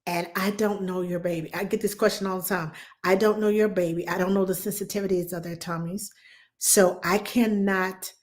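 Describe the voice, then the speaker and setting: Female nanny host for a live Q&A. Animated, chatty delivery with repetition for emphasis and quick acted-out quotes. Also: lowish voice. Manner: animated, acts out quoted voices, repeats for emphasis; conversational with fillers and restarts. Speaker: nanny answering viewer questions. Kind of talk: casual live Q&A.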